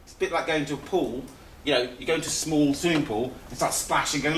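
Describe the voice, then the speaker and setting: A man's voice: fairly high pitch, fast talker, a bit bright. Man lecturing in an echoey room. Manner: repetitive, conversational, restarts phrases. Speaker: osteopathy seminar teacher. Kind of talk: live seminar lecture. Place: seminar room. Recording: echoey room, distant mic, faint hiss.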